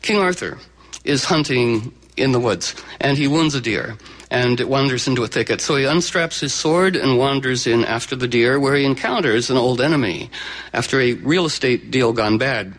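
A man's voice: mid-range voice, moderate pace, fairly bright tone, rough recording. A man telling an old legend live to an audience, chatty and digressive with lots of fillers. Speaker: storyteller. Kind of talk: live oral storytelling to an audience.

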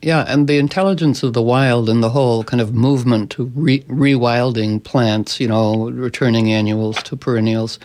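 A man's voice: mid-range voice, normal speed, few pauses, a little hiss or hum. Rambling, playful male radio host. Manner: rambling, animated storytelling with playful voices for animals. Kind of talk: casual radio interview chat.

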